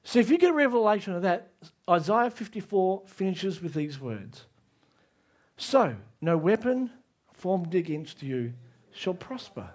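A man preaching a sermon, emphatic, asking the audience direct questions and rising to near shouts on key lines. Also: high-pitched, very animated, a little slow.

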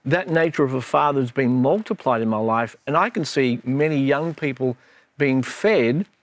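Middle-aged minister, reflective and earnest, dry studio sound. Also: male voice, medium pitch, animated, normal speed, dry recording. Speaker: minister co-hosting with his daughter. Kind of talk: casual Bible discussion.

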